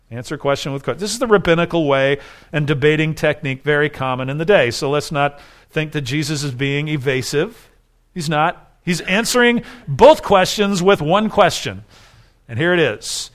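Preaching at a moderate pace in a slightly high voice, this male pastor leans on rhetorical questions and builds toward forceful high points. He gives the accusers a sharper, raised voice.

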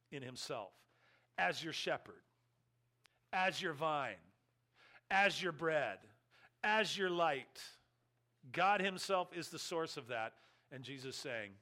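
Male pastor, bright forceful voice, slightly high, emphatic teaching sermon with dry humor. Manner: teaching, emphatic with wry asides.

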